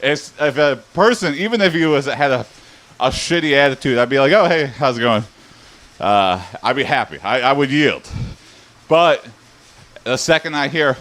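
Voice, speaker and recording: Male streamer, casual rambling chat, mid-pitched voice, laughs a lot. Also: expressive, moderate pace, a bit bright. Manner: rambling, laughs often, loose storytelling.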